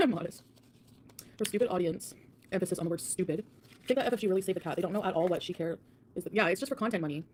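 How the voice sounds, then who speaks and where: A woman's voice: mid-range voice, animated, very fast, slight background noise. A woman livestreamer ranting defiantly, mocking her critics. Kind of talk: livestream rant.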